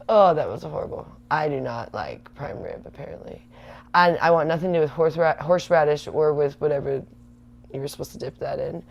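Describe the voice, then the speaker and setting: Woman, thirties, livestream host, deep voice, vocal fry, casual rambling chat. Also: lively intonation, moderate pace, darkish tone. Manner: rambling, chatty, reads and answers viewer comments.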